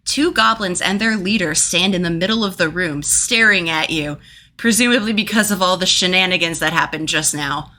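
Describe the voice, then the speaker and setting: A woman's voice: lowish voice, moderate pace, pushed and bright. A woman running a tabletop game as game master, narrating casually and playfully and swearing freely.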